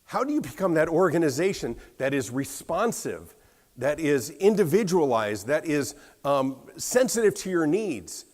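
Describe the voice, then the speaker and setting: An American man giving a conference keynote, telling a story in an animated way, slightly hoarse from a cough. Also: a little high, normal speed. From United States. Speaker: keynote speaker. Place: large conference hall. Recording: reverberant hall sound.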